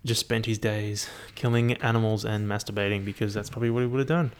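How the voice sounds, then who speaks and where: A man's voice: fairly low pitch, fast talker, slight background noise. A young man, musing aloud in a casual, profane monologue full of fillers. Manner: profane, animated, thinks aloud with many fillers.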